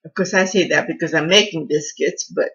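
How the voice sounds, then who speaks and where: A woman's voice: deep voice, brisk, gravelly, fairly bright tone, husky, lo-fi sound. A woman hosting her own home cooking channel, chatting in a rambling, self-deprecating way as she walks through a recipe. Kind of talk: casual cooking vlog chat.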